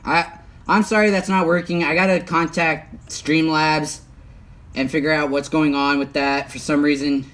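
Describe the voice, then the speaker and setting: A man's voice: a little high, flat delivery, normal speed, fairly bright tone. Chatty young man streaming outdoors. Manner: chatty, talks while working, often mutters. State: hot and sweating. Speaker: livestreaming YouTuber. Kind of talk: casual how-to livestream. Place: outdoors, working on a truck. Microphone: phone. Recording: faint outdoor noise.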